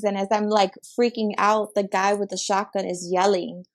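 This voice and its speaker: A woman's voice: mid-range voice, flat delivery, moderate pace. A young adult woman, a podcast guest, earnestly and animatedly retelling a personal story with many filler words. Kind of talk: emotional storytelling.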